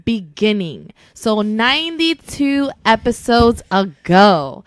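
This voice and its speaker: A woman co-hosting a podcast in casual chat, quick and teasing with her co-host. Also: on the high side, very animated, no room sound.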